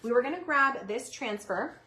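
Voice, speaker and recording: A woman hosting a live DIY craft stream, chatting with viewers, greeting them by name, and breaking into excited yelling. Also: high voice, normal speed.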